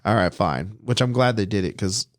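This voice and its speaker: A man's voice: fairly low pitch, expressive, brisk. A young man hosting a podcast, telling casual stories full of swearing and laughter. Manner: swearing storyteller, laughs often. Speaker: podcast host. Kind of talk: casual chat.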